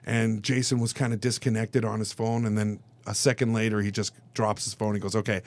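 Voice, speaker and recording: A man, an actor guest on a radio show, telling stories in a casual, animated way and acting out the voices of the people in them. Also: on the low side, fairly quick, few pauses. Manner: animated, acts out quoted voices, turns emotional. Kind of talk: casual storytelling in a radio interview.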